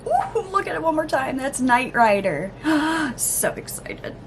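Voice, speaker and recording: A woman vlogger chatting casually through an unboxing, gushing, gasping and cooing with excitement. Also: high voice, measured pace, slight background noise. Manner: gushing, excitable, lots of gasps and oohs. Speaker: beauty vlogger.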